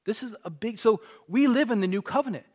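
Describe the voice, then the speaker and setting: A man's voice: high voice, expressive, quick pace, a little mellow. A man preaching a sermon, explaining scripture in an earnest conversational way and rising to emphatic peaks on key points.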